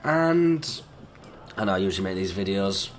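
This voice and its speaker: A young man, croaky and under the weather, chatting in a rambling, easygoing way while playing a game. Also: deep voice, lively intonation, normal speed, a little hiss or hum. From England. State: croaky, sick voice. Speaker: gaming YouTuber. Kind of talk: rambling let's-play commentary.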